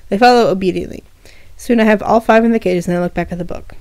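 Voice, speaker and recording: A woman's voice: medium pitch, fast, darkish tone, dry recording. A woman reading her first-person fan story aloud, with small restarts and asides between passages.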